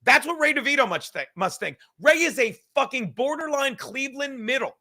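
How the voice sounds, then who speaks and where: A man's voice: very high voice, expressive, brisk, bright, forceful tone. A young man hosting a casual podcast, rambling and swearing constantly while fiddling with his laptop and a cigar. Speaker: show host. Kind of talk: casual profane podcast rant.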